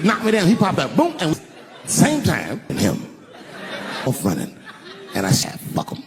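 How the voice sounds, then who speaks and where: Male stand-up comic, lively swooping delivery, profane, in a noisy live recording. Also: a little high, unhurried, vocal fry, pauses often, crowd noise. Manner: animated, profane, acts out scenes. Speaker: stand-up comedian. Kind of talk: stand-up storytelling.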